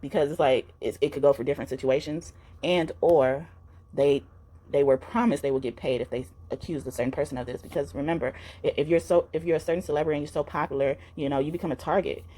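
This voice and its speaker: Low-voiced woman giving a rambling tarot reading. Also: steady tone, quick pace, dark tone. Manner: rambling, earnest, many fillers and restarts. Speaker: tarot reader. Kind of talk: spiritual tarot reading vlog.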